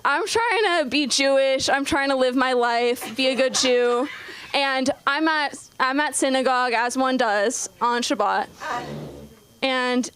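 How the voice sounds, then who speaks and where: A woman's voice: high-pitched, measured pace, fairly bright tone. A young woman doing her first stand-up set, nervous and rambling with lots of ums and likes. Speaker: first-time stand-up comic. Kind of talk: open-mic stand-up set. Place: comedy club stage. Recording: live club audience noise.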